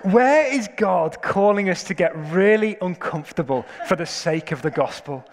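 A man's voice: sits high, expressive, moderate pace. Man preaching a sermon in a reverberant hall. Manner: storytelling, building to emphatic questions.

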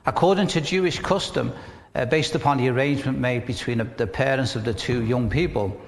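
A man's voice: mid-range voice, fairly quick, long reverb tail. A man with a Northern English accent, preaching a sermon in a conversational way, with rhetorical questions and humor. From northern England. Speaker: pastor.

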